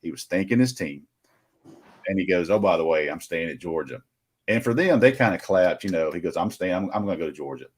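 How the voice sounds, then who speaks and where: A man's voice: sits low, animated, brisk, slightly rough. A middle-aged man casually telling a rambling story, acting out what each person said. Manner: rambling anecdotal with quoted dialogue. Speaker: recruiting reporter.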